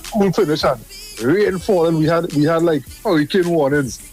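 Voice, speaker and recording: A middle-aged man, calling in to a radio show and telling a story in an animated way, repeating words as he goes. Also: a little high, normal speed, soft background music. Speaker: caller. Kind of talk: casual storytelling.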